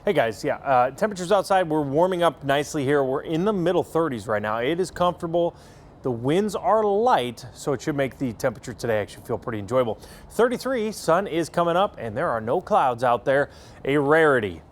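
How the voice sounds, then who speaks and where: A man's voice: on the high side, big pitch swings, a little hiss or hum. A man giving a TV weather forecast in a chatty, upbeat way. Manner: chatty, upbeat, quick bursts. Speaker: meteorologist.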